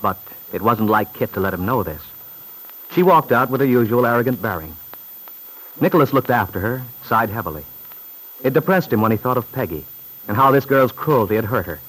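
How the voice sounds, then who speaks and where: A man narrating a radio drama in measured, even storytelling style. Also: medium pitch, husky. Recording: scratchy old radio broadcast.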